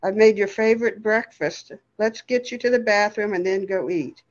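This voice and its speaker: A woman voicing a kind elderly woman who cares for a friend and speaks gently and teasingly. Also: mid-range voice, normal speed, muffled recording, natural voice. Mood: gentle.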